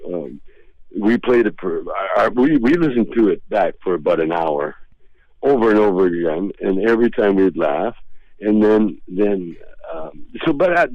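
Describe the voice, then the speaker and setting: A man's voice: sits low, dry recording. A male comedian telling rambling, laid-back anecdotes as a guest in a radio interview. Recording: dull lo-fi radio sound.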